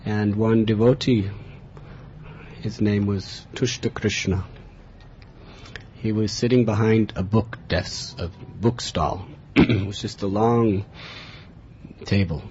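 A man recounts a personal spiritual journey in an earnest, storytelling way, with bursts of liveliness. His voice sits a little low. The recording is dull and lo-fi, with a faint hiss underneath. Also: slow pace, long pauses. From America. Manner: earnest, animated in tellings, chuckling.

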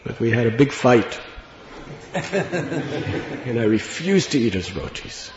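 A man's voice: mid-range voice, very animated, takes it slowly, background noise. Earnest male spiritual storyteller, reflective tone, faint ambience behind, echoey hall recording. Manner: earnest, reflective, with gentle laughs. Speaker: spiritual speaker. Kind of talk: devotional storytelling talk. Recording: dull lo-fi recording in an echoey hall with long reverb.

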